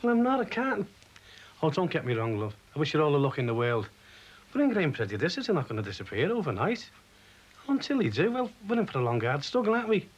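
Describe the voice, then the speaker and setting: Quick, lively-voiced factory hand, wry and patronizing; TV drama. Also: male voice, on the high side, slightly rough, highs cut off. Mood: teasing. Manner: teasing, patronizing. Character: shop-floor worker man, wry and skeptical. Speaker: factory worker. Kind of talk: TV drama acting.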